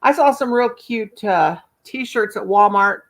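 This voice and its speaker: A woman's voice: mid-range voice, animated, a little slow, rough recording. A middle-aged woman with a Southern US accent hosts a casual crochet livestream, playful and chatty, humming nonsense syllables. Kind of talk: casual live chat.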